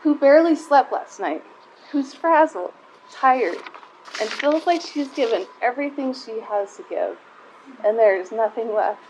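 A woman's voice: on the high side, lively intonation, a little slow, a little mellow, slight background noise, poor audio. A middle-aged woman giving a heartfelt, conversational personal talk to a live group of mothers, close to tears at times.

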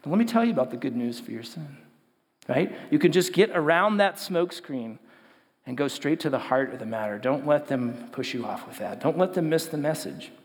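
A man's voice: fairly high pitch, lively intonation, normal speed. A man preaching a casual, story-driven sermon to young people, acting out the voices of people he quotes. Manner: conversational storytelling, acts out quotes. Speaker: youth pastor. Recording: long hall reverb.

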